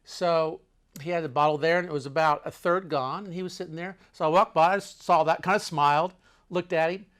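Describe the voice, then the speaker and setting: A man's voice: on the high side, fairly even intonation, fairly quick, fairly bright tone. A man telling a travel story casually, wandering off into asides and restarting his sentences. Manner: meandering, full of restarts and asides.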